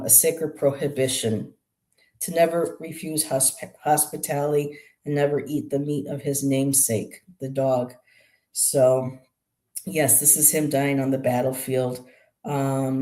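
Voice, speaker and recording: On a live stream, a tarot reader with a mid-range voice and dark tone explains each card's meaning aloud. She sounds musing and hesitant, full of ums and restarts.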